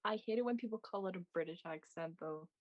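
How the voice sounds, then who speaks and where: A woman's voice: on the low side, quick pace, muffled recording. A Scottish woman chatting casually with blunt, dry humor. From Scotland. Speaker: cosplay livestream co-host. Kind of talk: casual chat.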